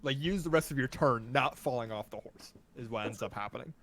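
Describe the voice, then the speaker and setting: A man's voice: mid-range voice, a little fast, a crowd in the background. A man running a tabletop game as game master, laid-back and often chuckling as he talks through the rules.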